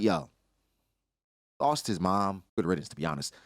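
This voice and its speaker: Animated young man breaking down a chapter. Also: low voice, moderate pace, no echo, clean studio sound. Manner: animated, acts out character lines in his own voice. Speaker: anime reaction host. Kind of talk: casual commentary.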